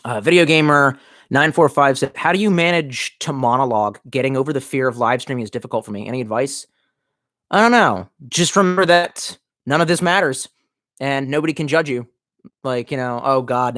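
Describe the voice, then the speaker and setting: A man's voice: mid-range voice, fairly quick, a bit bright, no echo, studio quality. A man live-streaming in casual chat, reading out viewer comments and rambling with lots of swearing, fillers and restarts.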